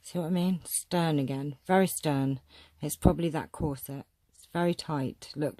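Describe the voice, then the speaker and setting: A woman chatting casually as she shows a photo collection, musing aloud and often clearing her throat. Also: deep voice, moderate pace, warm tone, dry recording. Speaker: vlogger showing a photo collection. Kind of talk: casual show-and-tell commentary.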